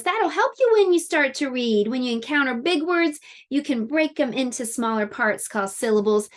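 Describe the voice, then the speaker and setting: A middle-aged woman teaching a children's online lesson in a slow, sing-song, encouraging way, clapping out syllables. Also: on the high side, sing-song.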